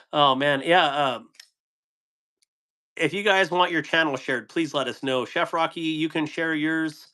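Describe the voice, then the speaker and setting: On the high side and a little slow, this American host's voice has a sharp edge. He runs a relaxed knife live stream, meandering in his talk, laughing often and reading viewers' chat.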